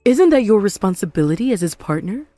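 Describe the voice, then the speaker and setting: A woman voicing a spiteful, possessive mother-in-law in an animated story, scornful and melodramatic. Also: medium pitch, fast talker, no room sound, soft background music, lightly acted. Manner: scornful, melodramatic, self-pitying.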